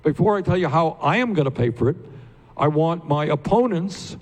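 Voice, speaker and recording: At a town hall he's hosting, an older male candidate talks animatedly at a moderate pace with a fairly high pitch. He addresses the audience directly with questions and works up to fervent, emphatic high points.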